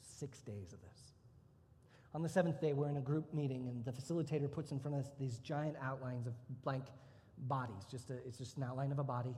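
A man's voice: mid-range voice, a little fast, warm tone. A man preaching a sermon as pastor, telling a personal testimony earnestly and with emotion, rising at times to intense outbursts. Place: church sanctuary. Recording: church hall reverb.

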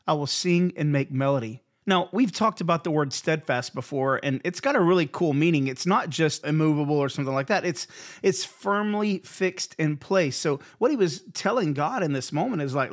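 Pastor, male, podcast devotional; earnest, encouraging, slightly higher voice, repeats lines for emphasis. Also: lively intonation, moderate pace. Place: Houston area.

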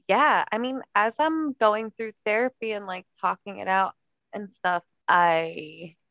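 A woman's voice: medium pitch, unhurried, a bit bright. A woman with a mid-range voice, speaking in a loose, chatty way and laughing often. She tends to be self-deprecating. The sound is dry, with no room echo. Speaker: podcast co-host, younger sister. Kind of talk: casual conversation.

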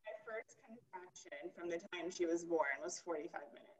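A woman's voice: lowish voice, fairly quick, highs cut off. A woman, a talk-show guest, recounting events in a plain, matter-of-fact way. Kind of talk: casual chat.

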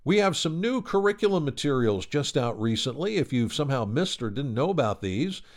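A man's voice: mid-range voice, sing-song, brisk. A man hosting a podcast, wrapping up a segment and making announcements straight to listeners. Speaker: podcast host. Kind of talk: host segment wrap-up and announcement.

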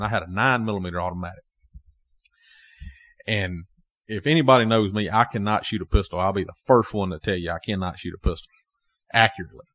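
A man telling a story as a guest on a talk show, animated and laughing as he goes. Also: fairly low pitch. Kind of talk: casual storytelling.

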